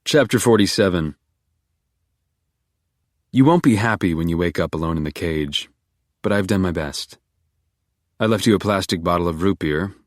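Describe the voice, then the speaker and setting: Deep-voiced man narrating a thriller. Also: dry recording, studio quality. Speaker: audiobook narrator. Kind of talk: first-person thriller audiobook narration.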